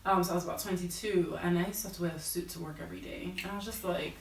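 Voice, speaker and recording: A woman's voice: lowish voice, steady tone, very fast, gravelly, slight background noise. A woman in her thirties with an American accent, a guest telling her career story in a casual, chatty way full of fillers. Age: 30s. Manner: chatty, many fillers like "like" and "you know". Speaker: guest fashion buyer. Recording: roomy and distant.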